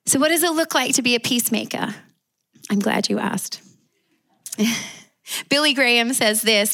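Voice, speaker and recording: A woman's voice: a little high, a little slow, long pauses. A woman with an Australian accent preaching a sermon, emphatic, calling out for amens. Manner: warm, emphatic preaching with call-and-response amens.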